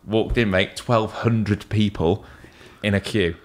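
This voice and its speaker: A man's voice: fairly low pitch, slow pace. A man telling stories in casual podcast chat, swearing often and mimicking other people. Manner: animated, swearing, acts out other voices in anecdotes. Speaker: podcast guest, tattoo artist.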